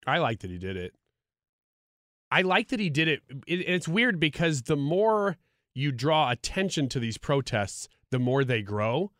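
A man's voice: a little high, big pitch swings, unhurried, a bit bright, no room sound, studio quality. A man co-hosting a radio talk show with a stuffy, sniffly nose, rambling and laughing. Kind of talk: casual chat.

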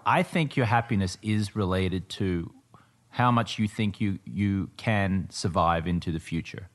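Male guest, Australian accent, casual podcast chatter, laughs a lot while telling stories. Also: low voice. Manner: laughs often, quick animated storytelling. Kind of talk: casual chat.

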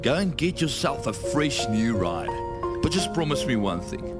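A man's voice: medium pitch, big pitch swings, moderate pace, close to an everyday voice. A man voicing a friendly, nostalgic talking car in a radio advert, folksy and chummy. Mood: fond. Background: music bed.

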